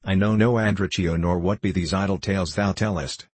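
A drowsy serving woman answering with dismissive, archaic peevishness, voiced by a male narrator. The voice stays low and husky. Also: fairly even intonation, a little fast, a little mellow, no echo. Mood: peevish.

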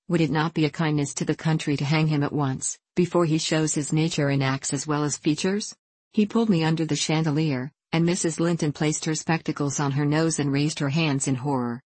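A woman with a notably low voice reads a classic novel aloud in a measured, unhurried storytelling manner. The sound is close and dry, with no room around it. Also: a little mellow, dry recording, rough recording. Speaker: audiobook narrator. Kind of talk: scripted narration.

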